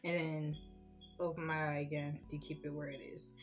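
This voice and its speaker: A young woman talks casually while doing her makeup, her voice on the lower side. She chats and gets animated when she retells her stories, and soft music plays faintly behind her. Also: moderate pace. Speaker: beauty vlogger.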